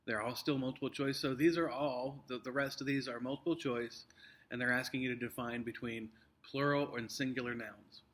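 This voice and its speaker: A male teacher guides his students through an upcoming test in a recorded review, explaining patiently with many fillers and restarts. His voice is medium in pitch, steady in tone, a bit bright, and at a normal speed.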